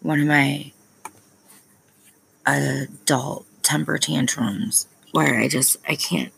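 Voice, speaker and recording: A woman's voice: sits low, slow pace, gravelly, fairly bright tone, slight background noise, poor audio. A young woman, a parent, talking candidly to her viewers in a rambling vlog, with plenty of ums and self-aware asides. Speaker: parent vlogger.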